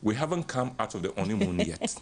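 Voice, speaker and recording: An older man with a Ghanaian English accent, a radio guest giving relaxed counselling talk, who tells stories animatedly, acts out the voices he quotes and chuckles often. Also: medium pitch, fairly quick, a little hiss or hum.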